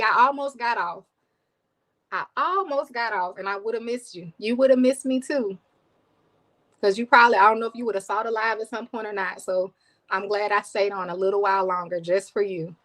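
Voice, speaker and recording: A woman's voice: medium pitch, pushed and bright, low-quality recording. A woman hosting a live stream, chatting casually with viewers, thanking them by name and laughing often, with a voice people call soothing. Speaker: cooking channel host.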